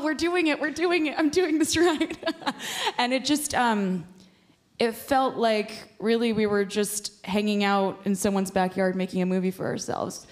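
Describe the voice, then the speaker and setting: Giggly young woman actor. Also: medium pitch. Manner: giggly and enthusiastic. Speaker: actor on a press panel. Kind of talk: press conference answers.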